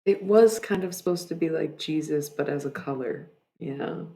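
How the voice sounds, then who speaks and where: A livestreamer who reads their own poetic prose aloud in a slow, dreamy way, then chats softly and rambles. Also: mid-range voice, creaky. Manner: dreamy, deliberate reading; soft, rambling chat with many "like"s.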